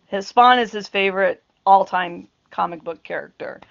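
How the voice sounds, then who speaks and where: A woman's voice: medium pitch, moderate pace, creaky, muffled recording. A middle-aged woman talking to camera in a rambling, casual way, often breaking into laughter and trailing off into asides. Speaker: vlogger. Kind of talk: casual chat.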